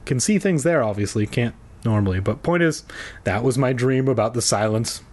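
A man's voice: mid-range voice, expressive, normal speed. A tipsy man reading a children's book aloud and breaking off for crude, jokey asides. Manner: irreverent, jokey, swears freely. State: tipsy from drinking. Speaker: reader.

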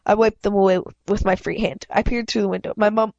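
A woman reads a children's novel aloud in first person, stumbling now and then and backing up to fix her words. Her voice sits at a middle pitch, recorded dry and close with a slightly dull, muffled sound. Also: steady tone, vocal fry, darkish tone, dry recording. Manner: halting, frequent self-corrections. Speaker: reader.

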